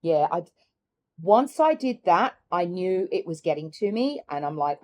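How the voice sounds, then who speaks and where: A middle-aged woman chatting candidly in a personal vlog, musing aloud and laughing softly between thoughts. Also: lowish voice, big pitch swings, unhurried. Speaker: carnivore diet vlogger. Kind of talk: reflective personal vlog chat.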